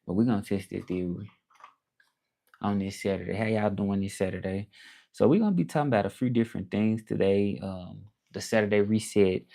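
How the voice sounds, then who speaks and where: Sitting indoors at his laptop, a livestream host from Memphis, Tennessee greets viewers and chats loosely in a Southern accent. His voice is fairly low, warm and creaky, and he talks a little fast.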